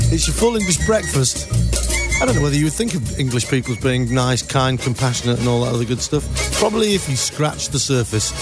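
An older man hosting a casual community radio interview in a jokey, teasing, rambling way. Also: medium pitch. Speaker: radio show host. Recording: radio studio with music bed.

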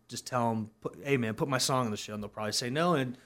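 A man from South Carolina talks quickly through his stories as a guest musician, in a mid-pitched voice. He is animated and acts out the lines of other people as he tells them. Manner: animated, acts out quoted dialogue. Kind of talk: casual interview storytelling.

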